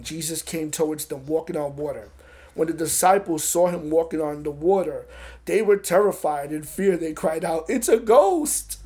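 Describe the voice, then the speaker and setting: A man preaching a casual, conversational sermon, reading scripture aloud and breaking off for quick asides. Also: on the high side, darkish tone.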